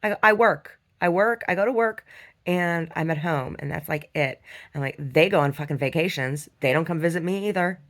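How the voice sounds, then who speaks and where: A woman's voice: sits low, normal speed, a bit bright. A woman artist telling a rambling, profane story in a casual vlog, full of restarts. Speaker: conceptual artist.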